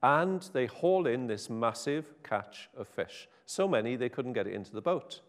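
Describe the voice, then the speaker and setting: A man's voice: medium pitch, expressive, moderate pace. A man preaching an informal sermon in a chatty, wry, self-interrupting way. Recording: hall reverb.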